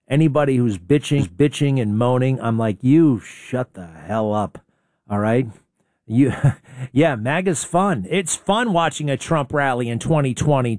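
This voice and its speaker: A man's voice: mid-range voice, darkish tone, no room sound, studio quality. A man hosting a talk radio show, ranting in a fired-up way with many rhetorical questions. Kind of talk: heated talk radio monologue.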